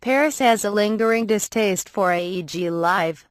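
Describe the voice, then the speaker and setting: A woman reading a magazine profile aloud as scripted narration, measured and even. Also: mid-range voice, dry recording. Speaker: article reader.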